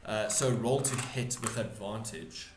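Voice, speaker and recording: A man's voice: fairly low pitch, unhurried, reverberant, background noise. A man running a tabletop game as game master, narrating combat with many restarts and self-corrections.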